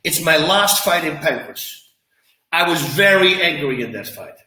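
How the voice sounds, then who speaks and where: Man, former fighter, emphatic storyteller, forceful tone, slightly high voice, away from the mic. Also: measured pace, roomy sound, distant mic, rough recording. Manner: emphatic, animated storytelling with acted quotes. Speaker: former fighter, interview guest. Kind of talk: interview answers.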